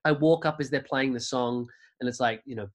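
A man's voice: mid-range voice, fairly quick. A man from Australia with an Australian accent, a guest telling rambling stories in a casual interview chat. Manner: rambling storyteller, many restarts. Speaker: podcast creator, guest.

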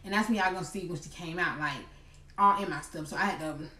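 A young woman telling a storytime vlog in an animated, chatty way. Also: fairly low pitch, quick pace. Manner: chatty, animated, addresses viewers as y'all. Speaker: vlogger. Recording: echoey room, mic at a distance.

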